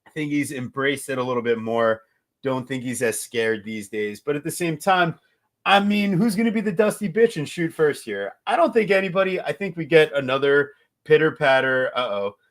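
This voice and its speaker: A man co-hosting a casual fight-betting show, talking in an animated, jokey, rambling way. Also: medium pitch, normal speed. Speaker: podcast co-host and betting analyst.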